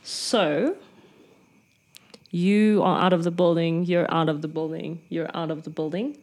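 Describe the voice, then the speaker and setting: Woman game master narrating slowly. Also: on the low side, level tone, darkish tone.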